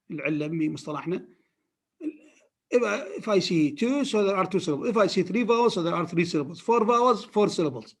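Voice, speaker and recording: A man lecturing a class on phonetics, repeating words and often checking that his students follow. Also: high-pitched. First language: Arabic.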